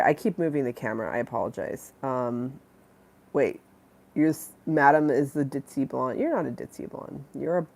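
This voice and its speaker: A woman's voice: very deep voice, vocal fry, darkish tone. A congested woman hosting a live stream, rambling and giggly as she chats with viewers and reads the chat aloud. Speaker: livestream host.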